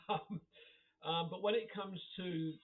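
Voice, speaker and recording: Friendly man, casual live-stream chatter, giggly, thin phone-quality recording. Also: high-pitched. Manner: chatty, laughs often, reads out comments. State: occasional cough. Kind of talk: casual chat to live viewers. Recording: tinny phone-like audio.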